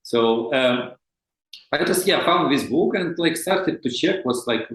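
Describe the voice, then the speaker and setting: Russian accent guy, podcast guest, lots of uh and restarts, echoey room. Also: mid-range voice. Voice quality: hesitant, many fillers and restarts. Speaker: guest expert. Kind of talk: podcast interview.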